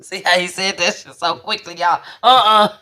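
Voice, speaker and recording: A woman co-hosts a casual chat show with a bright, clear voice. She is blunt and laughs often, swears freely and speaks straight to her viewers. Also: on the low side, steady tone, normal speed. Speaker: podcast co-host.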